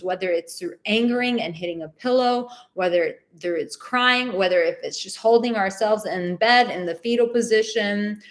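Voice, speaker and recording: A woman hosting a live advice stream, speaking straight to her viewers and repeating words for emphasis. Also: mid-range voice. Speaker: dating and relationship advice host.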